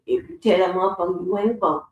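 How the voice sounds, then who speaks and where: Hosting a casual livestream, a woman swears and laughs her way through stories. She talks fast in a lowish voice with fairly even intonation, and the lo-fi recording sounds roomy and far from the mic.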